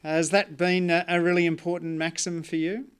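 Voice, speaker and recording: Smooth-voiced male interviewer. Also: fairly high pitch, flat delivery, normal speed. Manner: hesitant, lots of fillers. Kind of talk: conversational interview.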